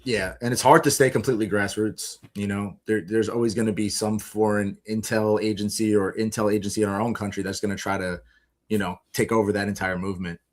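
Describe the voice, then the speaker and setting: A man who is a guest on a podcast and runs a small business, speaking in a relaxed, agreeable way. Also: on the low side, brisk. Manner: relaxed, agreeable, short affirmations. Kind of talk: casual podcast chat.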